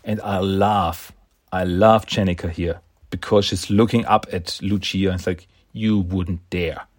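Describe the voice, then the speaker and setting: A man's voice: low voice, fairly even intonation, normal speed, no room sound, clean studio sound. A man casually recapping a comic book issue, enthusiastic and rambling, often laughing and restarting words.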